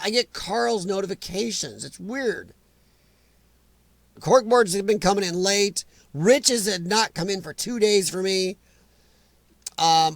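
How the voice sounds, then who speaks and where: A middle-aged man chats casually as a livestream host. His voice sits high for a man and is recorded dry and close. He jokes, teases and answers commenters in a loose, rambling way. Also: vocal fry, no echo. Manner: joking, teasing, talks back to chat comments. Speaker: livestream host reading chat. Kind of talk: casual live chat.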